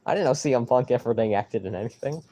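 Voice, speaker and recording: A young man streaming live, rambling excitedly and with mild swearing as he reacts to a football game. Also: medium pitch, fast talker, slight background noise.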